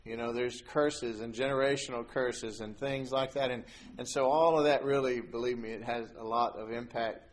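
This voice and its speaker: At a moderate pace with few pauses, a middle-aged man relaxedly recounts a personal faith experience as a testimony guest. His voice sits at an ordinary pitch, rising high as he acts out people in the story, and he's an animated teller who laughs now and then.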